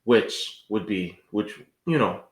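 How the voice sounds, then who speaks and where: A man co-hosting a casual wrestling podcast, thinking through ideas out loud. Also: takes it slowly, reverberant. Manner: thoughtful, lively swings in pitch. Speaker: podcast co-host.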